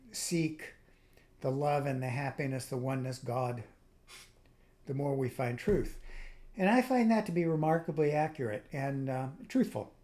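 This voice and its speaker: A man's voice: on the high side, warm tone. A man hosting his own video, talking through a reflective spiritual monologue in a rambling way, with frequent restarts and trailing asides. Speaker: video host.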